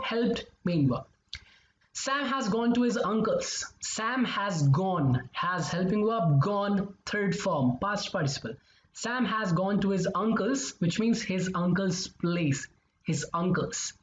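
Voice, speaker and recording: A man's voice: high voice, slight background noise. Man teaching grammar in an echoey room. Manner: repeats examples, keeps checking in with "okay?" and "right?". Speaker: English teacher. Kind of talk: explanatory grammar lesson. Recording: echoey, slightly dull recording.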